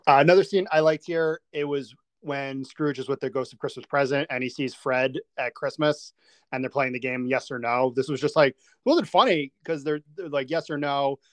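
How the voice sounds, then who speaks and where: A man's voice: medium pitch, normal speed, no echo. Man, podcast host, casual, earnest, detailed retelling, dry sound. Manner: earnest, recounts scenes in detail. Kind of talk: casual chat.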